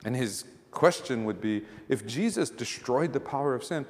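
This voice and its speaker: A man's voice: medium pitch, expressive, normal speed. Guy preaching a sermon, chatty but emphatic, lots of questions to the crowd, long echo like a church hall. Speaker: pastor.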